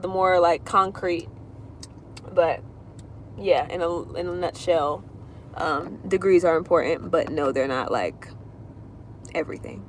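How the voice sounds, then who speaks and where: Speaking at a measured pace with long pauses, this woman has a lowish voice, and there's slight background noise. She's an astrologer on a livestream doing readings, chatting casually and drifting in circles as she rambles through viewers' questions.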